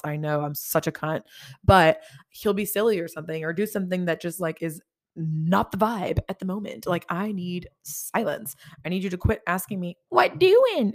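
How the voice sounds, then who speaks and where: A woman hosting a podcast in casual confessional chat, rambling and candid with lots of swearing and self-mocking asides. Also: lowish voice. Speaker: podcast host.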